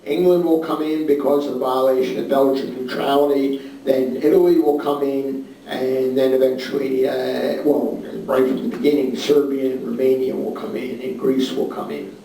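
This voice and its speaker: Gravelly man lecturing in an echoey room. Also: mid-range voice, flat delivery, moderate pace, hardly any pauses, mellow. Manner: conversational, many "uh" fillers, points at a map. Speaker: history lecturer. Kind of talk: classroom lecture. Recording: far-off mic in an echoey room with faint noise.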